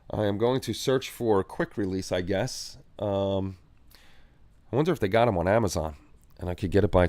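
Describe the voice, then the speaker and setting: A male livestream host chats casually from his home hobby room, reading viewer comments in a loose, easygoing ramble and repeating phrases. His voice is lowish and darkish in tone, and the recording is dry.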